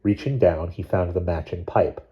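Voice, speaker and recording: A man reading a novel chapter aloud in a measured, steady narration. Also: low voice, highs cut off. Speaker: audiobook reader. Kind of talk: scripted narration.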